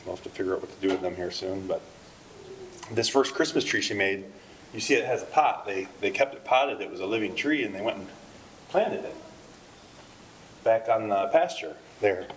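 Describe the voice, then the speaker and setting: A man's voice: lowish voice, a little fast, a little hiss or hum, poor audio. A middle-aged man telling family stories at a memorial service in a conversational, rambling way. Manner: rambling, conversational, with frequent fillers and laughs. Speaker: eulogist. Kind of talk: memorial speech with anecdotes.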